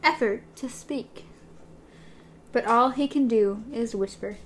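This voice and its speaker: A woman's voice: a little high, takes it slowly, a little hiss or hum. A woman co-hosting a casual book chat, retelling scenes loosely with small laughs.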